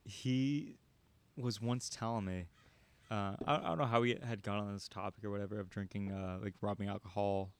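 A man's voice: on the low side, fairly even intonation, normal speed, clean tone. A man in casual chat, telling a rambling story with many restarts. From San Diego. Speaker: podcast co-host.

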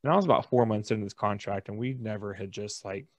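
A man co-hosting a casual podcast, an animated storyteller who acts out the people in his stories. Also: lowish voice, quick pace, no echo. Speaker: podcast co-host. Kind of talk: casual chat.

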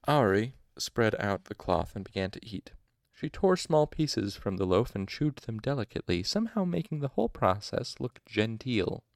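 An audiobook narrator with a lowish, sing-song voice reads a novel aloud expressively at a normal speed, occasionally adding asides and correcting himself. The recording is dry and of studio quality.

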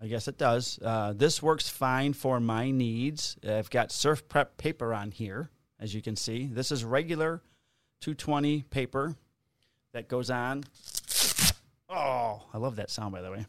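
A man's voice: mid-range voice, measured pace, dry recording, studio quality. Joking man co-hosting a podcast. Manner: joking, rambling storyteller. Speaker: podcast co-host. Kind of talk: casual podcast chat and sponsor read. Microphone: studio podcast mic.

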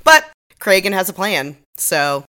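A woman's voice: medium pitch, big pitch swings, measured pace, sharp tone. A woman co-hosting a podcast, recapping a TV episode with sarcastic, wry commentary. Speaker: podcast co-host. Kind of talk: casual chat recapping a TV episode.

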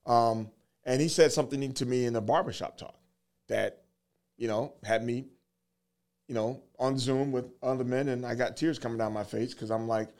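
A man in his forties telling a personal story earnestly, in halting phrases, holding back tears. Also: mid-range voice, steady tone, a little mellow. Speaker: guest, fatherhood program worker.

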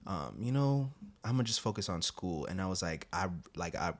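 A young man hosting a podcast, telling long rambling stories and acting out quotes in sudden high voices. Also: sing-song, normal speed. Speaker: podcast host. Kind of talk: casual podcast chat.

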